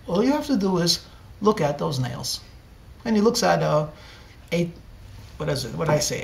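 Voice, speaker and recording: A rabbi tells a story during a sermon, dramatically acting out each character's lines. His voice sits high and has a creaky quality.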